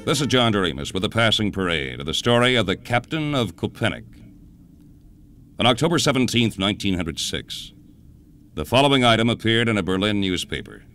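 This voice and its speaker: A man hosting a radio show, telling a historical story in a measured, dramatic scripted narration. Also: lowish voice, big pitch swings, fairly bright tone.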